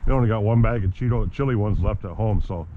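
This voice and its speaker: A man's voice: lowish voice, fast talker. A man chatting casually to his viewers while packing his gear, jokey and easygoing. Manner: chatty, jokey, talks to viewers as guys and boys. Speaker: RC hobby vlogger. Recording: dull lo-fi audio with clear background noise.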